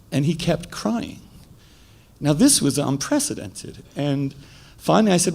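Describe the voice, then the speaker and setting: Gravelly English man telling a story. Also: on the high side, a little slow. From England. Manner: animated, acts out quotes with a lifted voice. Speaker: debater. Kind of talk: personal storytelling in a debate.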